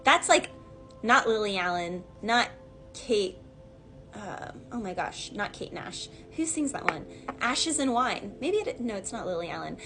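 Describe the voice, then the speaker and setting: A woman's voice: medium pitch, animated, unhurried, music in the background. A woman giving a casual, rambling tarot reading, talking in a chatty way full of fillers and asides. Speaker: tarot reader.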